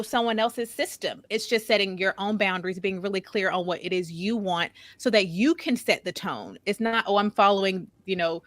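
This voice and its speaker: A woman with a bright, forward voice talks as a podcast guest, earnest and emphatic, often repeating words to drive a point home. The sound is dry and close, with no room around it. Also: medium pitch, no room sound. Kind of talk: casual podcast conversation.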